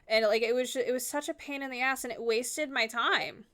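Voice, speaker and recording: Gamer girl chatting on stream, crisp bright voice, rambly, says like a lot. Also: fairly high pitch, steady tone, brisk. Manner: rambling, full of "like" fillers. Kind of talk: casual chat while gaming.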